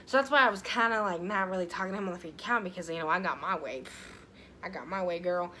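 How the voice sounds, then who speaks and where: A woman's voice: lowish voice, fast, pushed and bright, poor audio. A young woman telling a personal story to her vlog audience, chatty, full of fillers and casual swearing. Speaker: vlogger. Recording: faint background noise.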